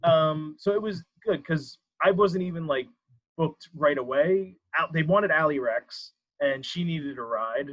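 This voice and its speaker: A man's voice: on the high side, lively intonation, measured pace. A man chatting as a podcast guest, rambling through stories and laughing at himself often. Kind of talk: casual interview chat. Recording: lo-fi dull sound.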